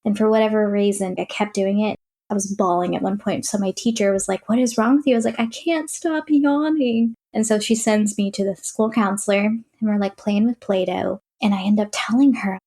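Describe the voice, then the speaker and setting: A woman's voice: mid-range voice, flat delivery, brisk, darkish tone. A young woman recounting her childhood in an interview, in a plain, matter-of-fact way with frequent fillers. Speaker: interview guest. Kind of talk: personal testimony in an interview.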